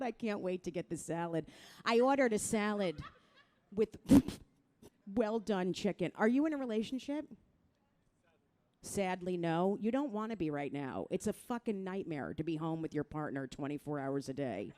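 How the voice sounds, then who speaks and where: A middle-aged woman from New Jersey doing a crude, self-mocking stand-up set, talking straight to the crowd and jumping into loud mock voices. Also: medium pitch, lively intonation, moderate pace. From New Jersey, USA. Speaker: stand-up comedian.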